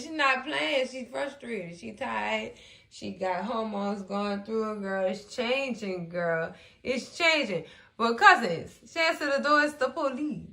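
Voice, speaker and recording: A woman hosting a casual TV recap, animated and acting out the characters as she chats to her viewers. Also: fairly high pitch, measured pace, roomy sound. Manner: animated, acts out characters, talks to viewers as cousins. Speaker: recap host.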